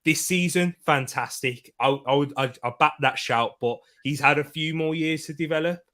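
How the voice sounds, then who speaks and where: A man co-hosting a casual football podcast, animated and quick to laugh, often restarting his sentences. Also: on the high side. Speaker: podcast co-host.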